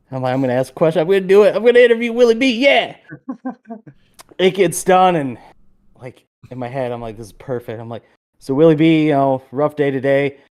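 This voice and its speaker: A man co-hosting a podcast in casual chat, telling a story with animated energy and plenty of swearing. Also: medium pitch. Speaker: podcast co-host.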